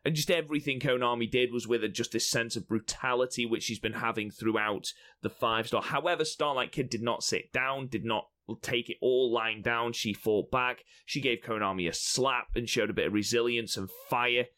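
A man's voice: mid-range voice, normal speed, hardly any pauses, a bit bright. A young man co-hosting a casual podcast chat, teasing and swearing freely. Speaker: podcast co-host.

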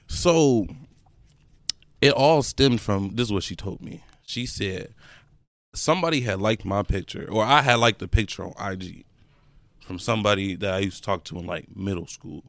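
A man's voice: mid-range voice, normal speed, no echo. A young man, a podcast co-host, telling a personal story in casual slangy chat with friends, laughing as he goes. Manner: animated, laughs through his story, slangy.

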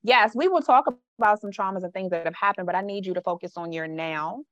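A woman's voice: medium pitch, fast talker, fairly bright tone, a little hiss or hum. A woman life coach, talking frankly and emphatically in a casual podcast chat. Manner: frank, emphatic, slips into dialect and quoted voices.

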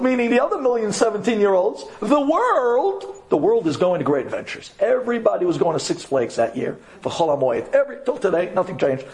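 Animated, high-voiced male storyteller. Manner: dramatic and expressive, jumps up in pitch for emphasis, acts out dialogue. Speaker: speaker addressing an audience of women.

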